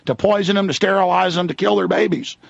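A man on talk radio, angry and relentless, piling one charge on the next. His voice sits high and gravelly. The sound is dry and dull, with no room around it. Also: fairly even intonation, fast talker, no room sound. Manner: ranting, heated, hammering lists. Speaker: radio talk show host.

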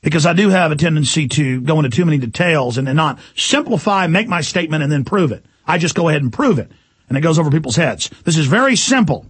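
A man hosting a talk show, delivering a forceful, lecturing political monologue with rambling asides. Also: on the high side, expressive, fast, breathy edge, no room sound.

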